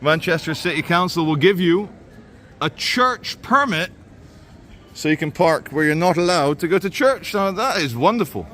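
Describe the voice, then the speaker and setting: A man's voice: on the high side, expressive, normal speed, a bit bright. A man talking casually while vlogging on city streets with a handheld phone, rambling with sardonic asides. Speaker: vlogger host. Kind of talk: casual walking vlog narration. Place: outdoors on city streets and in a mall.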